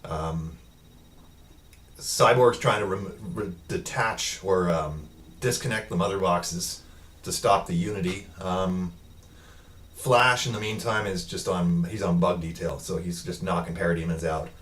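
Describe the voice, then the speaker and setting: A man's voice: deep voice, a little slow, fairly bright tone, recorded from a distance, slight background noise. A man giving a casual, rambling film review recap, with lots of ums and uhs, quoting the characters in his own voice.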